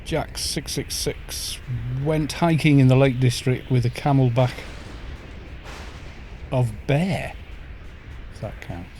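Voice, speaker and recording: A man's voice: medium pitch, slow pace, pauses often, a little mellow, a little hiss or hum. A middle-aged man from North Wales with a Welsh accent, chatting casually and joking with viewers while live-streaming a game. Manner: chatty, joking, reads chat aloud.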